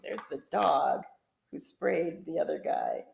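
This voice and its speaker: A woman teacher reading a picture book aloud to children, playful and expressive. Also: low voice, slow, vocal fry, echoey room, a little hiss or hum. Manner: playful, expressive storytelling with sound effects.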